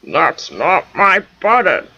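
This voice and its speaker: A woman voicing a fussy male toad in a storybook, grumbling and then wailing and shouting over small things. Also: lowish voice, huge pitch swings, slow pace, husky, muffled recording, pitched below the performer's own voice, full character voice. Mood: grumpy.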